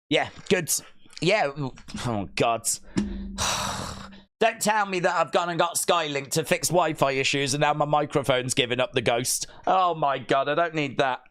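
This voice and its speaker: A man's voice: on the high side, unhurried, a bit bright. A man hosting a live stream, chatting casually and rambling through fillers and restarts.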